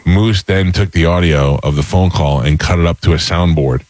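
A man's voice: low-pitched, moderate pace, no echo. A middle-aged man hosting a morning radio show, chatting casually and telling stories with animation. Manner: storytelling, animated.

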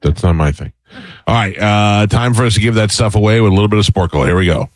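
A man's voice: fairly low pitch, fast. A man hosting a morning radio show, bantering casually with his co-hosts, teasing and loose with plenty of fillers.

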